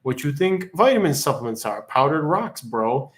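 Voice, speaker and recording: A man's voice: fairly high pitch, big pitch swings, moderate pace. A man hosting a live-streamed auction in casual chat, rambling and joking as he reads out the chat. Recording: echoey room.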